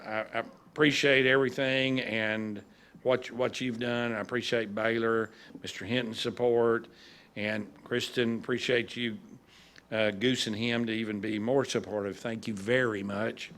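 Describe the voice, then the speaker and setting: A man's voice: medium pitch, little pitch movement, a little slow, a bit bright. A man, a judge giving a folksy, humorous speech at a graduation ceremony.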